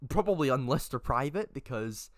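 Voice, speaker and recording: A man's voice: medium pitch, expressive, moderate pace. A young man in his late teens gives a casual introduction to his channel, talking in a chatty and hesitant way with frequent fillers. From Scotland. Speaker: channel host.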